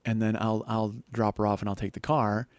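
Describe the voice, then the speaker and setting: A man's voice: fairly low pitch, flat delivery, brisk, clear, resonant tone, dry recording. A man in his forties hosting a podcast, telling stories in a rambling, self-deprecating and profane way. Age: 40s. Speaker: podcast host. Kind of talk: comedic storytelling monologue.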